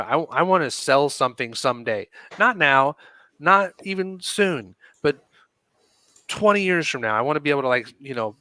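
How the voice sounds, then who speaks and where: A man's voice: mid-range voice, sharp tone, no room sound. A man who owns a business, speaking as a podcast guest in a rambling, hesitant way. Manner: rambling, hesitant, many fillers. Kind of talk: casual podcast chat.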